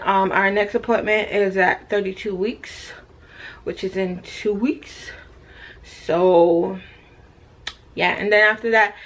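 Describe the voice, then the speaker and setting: A woman's voice: mid-range voice, a bit bright. A woman from Jamaica, in her thirties, chatting casually in a pregnancy update vlog, playful and self-mocking, talking to a camera mic. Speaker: vlogger.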